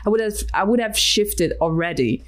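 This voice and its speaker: Talking fairly quickly with lively intonation, this young woman's mid-range voice comes through as an interview guest discussing her digital art. Her casual, candid reflections are full of fillers and restarts.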